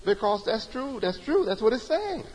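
A man with a very high, husky voice delivers an emphatic religious lecture, repeating his points in a preaching cadence. His pitch swings widely, and the sound carries a long hall echo. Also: sing-song, moderate pace, a little mellow. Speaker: religious teacher. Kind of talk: sermon-style lecture.

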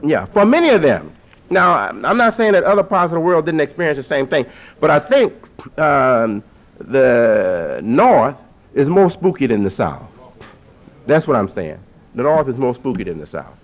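A man preaching to an audience, who repeats phrases for emphasis and climbs to forceful peaks. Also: a little high, a little fast. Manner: lively, rising to forceful peaks. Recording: dull lo-fi recording.

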